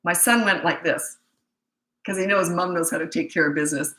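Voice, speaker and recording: Bright, no-nonsense middle-aged woman. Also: lowish voice, a little fast, reverberant, poor audio. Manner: direct, no-nonsense, animated retelling. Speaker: parenting coach. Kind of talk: casual storytelling advice.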